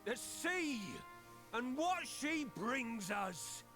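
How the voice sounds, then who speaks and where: An actor playing an older, gruff pirate captain who talks in old-fashioned pirate speech and gives stern, rousing speeches. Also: male voice, very high-pitched, very animated, very slow, full character voice. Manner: scolding, rousing oratory. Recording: game audio under music.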